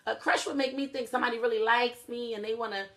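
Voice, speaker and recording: A woman's voice: on the high side, steady tone, fast, a bit bright. A young adult woman hosting a casual talk stream, speaking bluntly and swearing freely as she addresses her viewers directly. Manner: blunt, profane, talks straight to viewers. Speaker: host.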